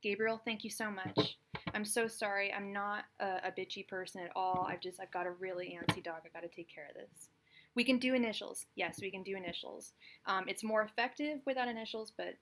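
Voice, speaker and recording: A young woman hosting a live tarot stream, hurried and distracted as she talks to viewers, murmuring low incantations over the cards from a small room at home. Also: fairly bright tone, slight background noise. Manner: hurried and distracted, pausing to talk to her dog.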